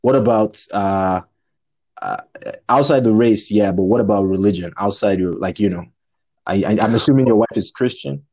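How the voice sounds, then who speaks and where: A man interviewing a friend in a casual chat, asking questions in a relaxed, slangy way. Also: lowish voice, normal speed.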